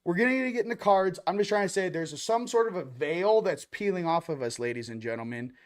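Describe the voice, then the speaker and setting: A man hosting a casual spiritual talk show, ranting animatedly, swinging between loud bursts and low, intense passages, with playful sound effects and mock voices. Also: lively intonation, a little fast. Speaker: host.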